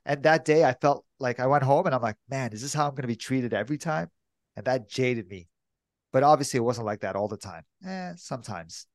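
Male co-host, mid-pitched, self-doubting rambler, dry booth sound. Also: expressive, a little fast, dry recording. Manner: hesitant, self-doubting storyteller. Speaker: podcast co-host. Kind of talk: casual chat.

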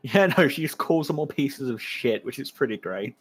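A man's voice: medium pitch, normal speed, husky. A man co-hosting a podcast, joking and sarcastic as he recaps an episode. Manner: animated, jokey, sarcastic. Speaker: podcast co-host. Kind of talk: casual recap chat.

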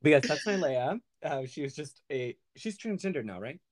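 Animated, giggly male podcast host. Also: a little high, normal speed. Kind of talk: casual podcast chat.

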